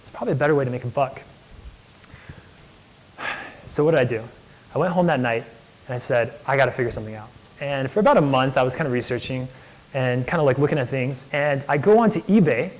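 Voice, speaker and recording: A man's voice: medium pitch, animated, fairly quick, long pauses, a little mellow, poor audio. A young man, an entrepreneur, speaking in a casual, enthusiastic storytelling lecture style, full of "like" fillers. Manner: enthusiastic, chatty, many "like" fillers. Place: lecture hall.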